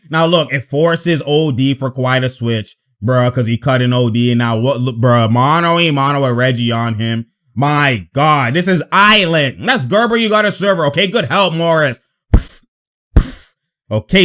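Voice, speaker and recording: A man giving casual, slangy commentary over basketball clips, reacting excitedly and laughing often as he breaks down the plays. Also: on the high side. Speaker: basketball video analyst.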